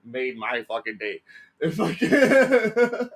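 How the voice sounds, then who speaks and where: Guy on a podcast, kinda high voice, cussing nonstop, cracking up a lot. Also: poor audio. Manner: laughs often, swears a lot, drawn-out stories. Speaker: podcast co-host. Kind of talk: casual crude banter.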